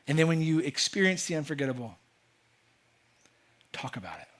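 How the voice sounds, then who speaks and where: Fairly high and sing-song, this man's voice keeps a normal pace with frequent pauses and a fairly bright tone. He's a pastor giving an earnest, emphatic sermon in the church sanctuary, often repeating words and restarting as a point comes together.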